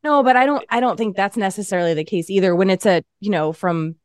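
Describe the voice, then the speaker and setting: A woman's voice: medium pitch, fast talker, dry recording, studio quality. A woman co-hosting a casual chat podcast, talking bluntly and with a lot of swearing, acting out mocking quotes. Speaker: podcast co-host.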